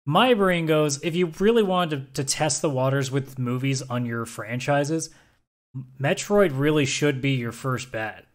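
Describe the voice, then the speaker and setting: A man's voice: medium pitch, measured pace. A man co-hosting a gaming podcast, arguing his opinions emphatically in casual chat. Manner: emphatic, opinionated, argues points at length. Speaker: podcast co-host.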